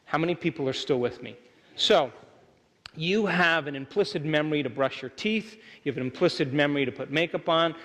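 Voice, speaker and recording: A man's voice: on the high side, a little fast, fairly bright tone. Emphatic man lecturing in a reverberant hall. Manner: emphatic, asks audience for agreement. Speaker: workshop speaker. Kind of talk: lecture to a live audience. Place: large hall with audience. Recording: hall reverb, live venue.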